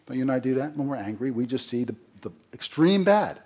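In his sermon, a middle-aged pastor addresses listeners conversationally, throwing out rhetorical questions and performing quotes. His slightly husky, darkish voice is at an ordinary male pitch, a little fast and lively in intonation.

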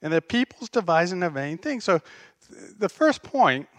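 A man's voice: high voice, measured pace, dry recording. Casual, dry-sounding preacher man. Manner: conversational preacher, animated storytelling with self-deprecating humor. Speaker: pastor. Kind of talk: sermon.

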